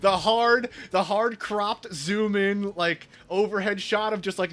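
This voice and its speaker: A man's voice: sits high, steady tone, a little slow, hardly any pauses, fairly bright tone. A man chatting casually while speedrunning a game, laid-back, laughing often and swearing freely. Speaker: speedrunning streamer. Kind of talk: casual chat while gaming.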